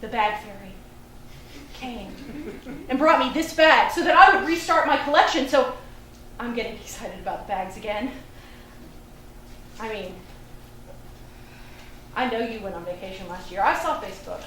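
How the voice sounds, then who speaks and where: A woman performing a solo stage monologue, talking in a chatty, confiding manner. Her voice sits a little high. The sound is roomy and distant, with a faint hiss behind it. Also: animated, moderate pace, long pauses, bright, forceful tone. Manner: chatty, confiding, laughing at her own stories. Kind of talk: live solo theatre monologue. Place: theatre stage before an audience.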